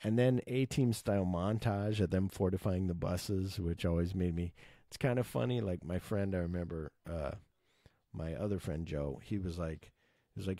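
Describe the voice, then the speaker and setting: A man casually retelling his favorite film scenes, excited and swearing, acting out the characters' lines. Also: low-pitched, moderate pace, vocal fry, dry recording, clean studio sound. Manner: enthusiastic, swears, acts out quotes. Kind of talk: casual movie recap.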